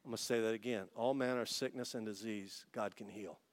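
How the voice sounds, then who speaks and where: An Italian pastor tells his own story to a congregation as a testimony sermon, voicing both sides of each exchange and rising to excited peaks. His voice sits on the low side and he talks quickly.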